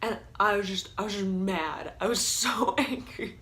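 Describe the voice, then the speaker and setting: A woman's voice: medium pitch, a little slow, fairly bright tone, a little hiss or hum. Chatty young woman telling a storytime. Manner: chatty, filler-heavy with frequent "like"; laughs while telling stories. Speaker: vlogger. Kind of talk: storytime vlog, casual storytelling.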